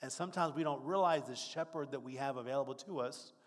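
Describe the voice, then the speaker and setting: A man's voice: mid-range voice, quick pace, in a large hall. A man preaching a conversational sermon, now and then acting out worried, whiny voices.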